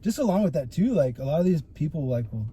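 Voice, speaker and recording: A man's voice: fairly high pitch, fast talker, over a noisy crowd. A young man telling stories as a guest on a casual podcast, swearing freely and peppering his talk with "dude" and "like.". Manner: animated, profane storytelling with lots of "dude" and "like". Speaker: guest photographer.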